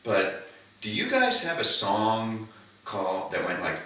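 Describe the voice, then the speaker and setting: Lively storytelling man, echoey room. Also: lowish voice, normal speed. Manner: animated anecdote teller, acts out both sides of a dialogue. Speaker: stand-up comedian. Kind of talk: casual storytelling chat. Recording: echoey room, distant mic.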